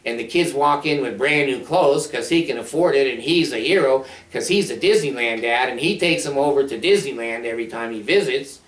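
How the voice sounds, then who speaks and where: A man's voice: medium pitch, brisk, few pauses. A man counselor talking to camera in a casual monologue, blunt, sardonic and rambling. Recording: roomy sound from a distant mic.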